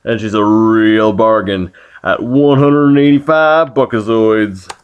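A man's voice: on the low side, measured pace, smooth, highs cut off, close to an everyday voice. A man voicing a brash male used-spaceship salesman in a folksy cowboy drawl for a video game playthrough. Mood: salesy.

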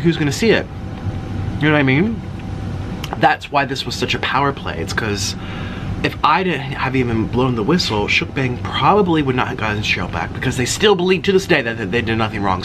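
A man's voice: mid-range voice, noisy background. A man talking casually to camera in an eating vlog, chatty and getting worked up as he talks. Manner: animated, chatty, heated about an online dispute. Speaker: mukbang vlogger.

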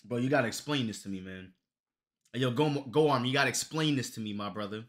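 A young man chatting on a live stream, his voice bright and forceful at a middle pitch. He talks loosely and jokes, with plenty of swearing. Now and then he bursts into loud, high-pitched outbursts. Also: fast talker. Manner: profane, loose and joking. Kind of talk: casual live-stream chat.

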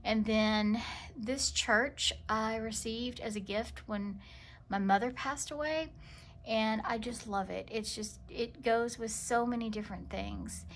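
A woman giving a casual tour of her home in a vlog, talking gently with many ums and pauses. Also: fairly high pitch, steady tone, slight background noise. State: emotional. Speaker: vlogger. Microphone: handheld camera walked around.

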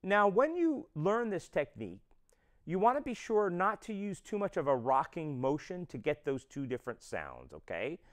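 A man's voice: sits high, sing-song, moderate pace. A man teaching a drum lesson, explaining step by step and counting beats aloud. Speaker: drum instructor.

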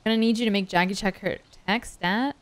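A woman's voice: mid-range voice, a little fast, no room sound. A young adult woman livestreaming as she games, giggly and gushing, swearing casually in everyday chat.

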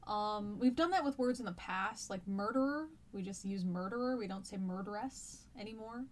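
Woman, history teacher, casual chatty live stream, rambling with fillers, mid pitch, faint background hiss. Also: moderate pace.

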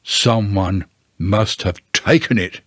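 A man voicing a gloomy old grey male donkey in a storybook, speaking slowly and mournfully with heavy sighs. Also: fairly low pitch, fairly bright tone, no echo, clean studio sound, pitched below the performer's own voice. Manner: slow, mournful and sighing.

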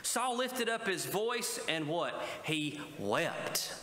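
A man's voice: on the high side, big pitch swings, slow, bright, forceful tone, a little hiss or hum. A male pastor preaching a sermon, often asking the congregation to respond. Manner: preaching with call-and-response asides. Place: church sanctuary. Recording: echoey church hall with faint ambience.

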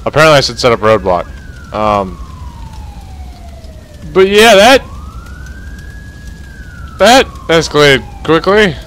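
Excitable young gamer guy, swearing. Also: fairly high pitch, slow pace, long pauses. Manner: excitable, swears a lot, tired. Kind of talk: let's play commentary. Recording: game noise over voice. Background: loud game sirens and traffic.

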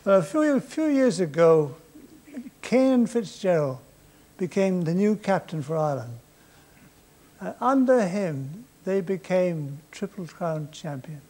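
An older male comedian tells comic anecdotes on stage before a live audience, with a dry, drawling delivery. His voice is high-pitched and expressive, warm in tone, and a little slow.

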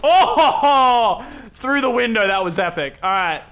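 Excitable high-voiced gamer. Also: male voice, slow pace, clear, resonant tone, soft background music. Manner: excitable, laughing, talks to opponents. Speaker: gaming YouTuber. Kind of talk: excited gameplay commentary.

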